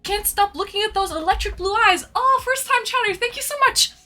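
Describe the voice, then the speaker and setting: Woman, Canadian accent, live streamer, excitable, lively pitch, faint music behind. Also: a little fast. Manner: bubbly, excitable, reads chat aloud. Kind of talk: casual live stream chat.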